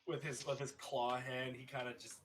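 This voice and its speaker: A man describes his character's actions in a loose, filler-heavy way. His voice is bright. Faint noise runs underneath. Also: mid-range voice, little pitch movement, moderate pace. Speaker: player.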